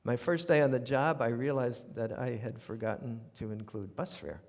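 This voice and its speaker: An older New York man with a gravelly, mid-range voice, a radio commentator, performs a humorous storytelling monologue of his essays before a live theater audience. He's wry and conversational with animated asides, at a moderate pace, and the live recording carries long reverb.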